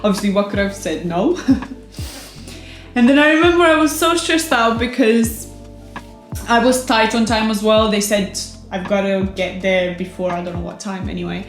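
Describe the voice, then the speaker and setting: A woman's voice: medium pitch, moderate pace. A woman in her twenties telling a story from her own life for a vlog, chatty and emphatic, often saying "like". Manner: chatty, emphatic retelling with frequent "like". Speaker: vlogger. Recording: roomy echo with faint background music.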